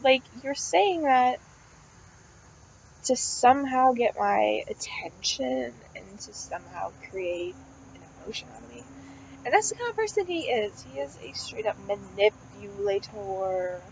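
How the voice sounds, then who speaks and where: A young woman with a fairly high voice rants about her day in a loose, rambling way. She peppers her talk with swearing and "like". The recording sounds a little dull and lo-fi. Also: lively intonation, measured pace, a little hiss or hum. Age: young adult. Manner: rambling, swears often, heavy use of "like" and fillers. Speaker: college student vlogger. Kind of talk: casual venting monologue.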